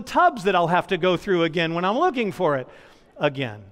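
A man's voice: high-pitched, big pitch swings, moderate pace. A man preaching a sermon as pastor, building points through repetition and personal stories. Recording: long hall reverb.

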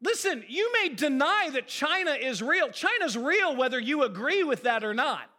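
A male pastor preaching a sermon in an animated, emphatic, conversational way. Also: very high voice, normal speed, hardly any pauses.

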